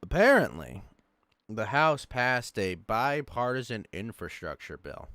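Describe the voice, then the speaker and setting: A man's voice: medium pitch, big pitch swings, measured pace, a bit bright, no room sound, studio quality. A young man hosting a casual online talk show, laid-back and chuckling often. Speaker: podcast host. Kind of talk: casual chat.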